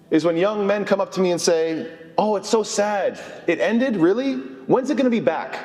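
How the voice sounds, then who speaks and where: A man's voice: on the high side, a little mellow. A man giving an earnest mosque sermon, sprinkling in Arabic phrases. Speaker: imam. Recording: long hall reverb.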